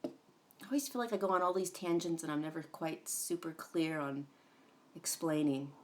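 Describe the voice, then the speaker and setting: A woman's voice: low-pitched, moderate pace, a little mellow, a little hiss or hum. A woman hosting a casual livestream, chatting in a rambling way with many fillers, greeting viewers by name and swearing now and then. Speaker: livestream host.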